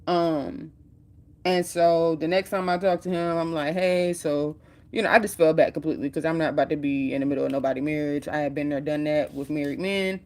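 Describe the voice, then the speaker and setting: A woman's voice: deep voice, steady tone, brisk, darkish tone. A woman vlogger telling a story in a chatty, slangy way and acting out the quoted lines. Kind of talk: casual storytime retelling.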